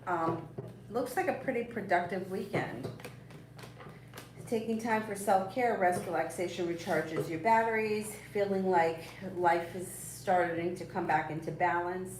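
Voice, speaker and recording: A woman's voice: on the low side, steady tone, unhurried, distant mic. Chatty woman reading tarot, echoey room. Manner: chatty, reassuring, rambling with fillers and small laughs. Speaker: tarot reader. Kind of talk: live-stream tarot reading, casual chat. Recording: echoey room, voice a bit off-mic, faint background noise.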